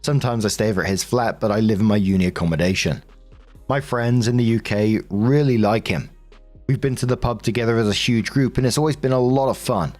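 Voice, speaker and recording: A man with a fairly low voice reads online relationship posts aloud in a steady scripted narration. His delivery is even and unhurried. Faint music plays softly underneath. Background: faint background music.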